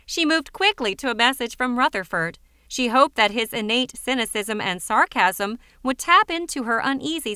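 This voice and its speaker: A woman narrating an audiobook in a measured, clear storytelling manner. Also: a little high, pushed and bright, no echo, studio quality.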